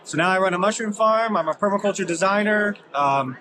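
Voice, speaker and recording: Brief: high-pitched man, relaxed vendor chat, loud crowd chatter behind. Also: brisk. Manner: relaxed, listing things with fillers. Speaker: mushroom farmer vendor. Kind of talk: casual interview. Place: outdoor expo booth.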